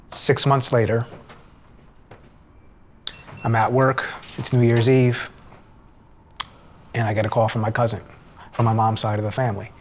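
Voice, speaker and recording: A man's voice: mid-range voice, flat delivery, slow pace, pauses often, slight background noise. A young man giving a personal testimony in church, telling his story conversationally with many restarts. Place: church sanctuary.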